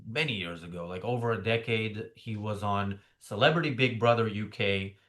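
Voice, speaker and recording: A man's voice: lowish voice, moderate pace, fairly bright tone. A man hosting a casual political talk show, sardonic in tone, reading out viewer comments. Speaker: show host.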